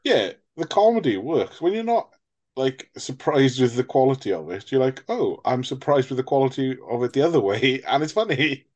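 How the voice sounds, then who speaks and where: A man's voice: mid-range voice, big pitch swings, moderate pace, a little mellow. A man co-hosting a film podcast, rambling jokily through tangents and swearing freely in casual chat. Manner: rambling, jokey, swears freely, breaks into mock voices. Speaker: podcast co-host.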